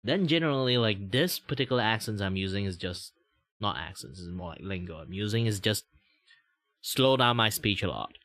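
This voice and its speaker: A man's voice: fairly low pitch, animated, moderate pace, fairly bright tone, no room sound. A man with a Malaysian accent chatting casually on a stream, laughing often, swearing and restarting his sentences. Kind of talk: casual reaction stream chat.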